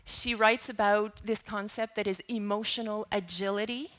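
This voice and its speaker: A woman's voice: mid-range voice, fairly even intonation, moderate pace, a bit bright. A woman giving a conference keynote talk in a lecture hall, often asking the audience questions. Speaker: keynote speaker.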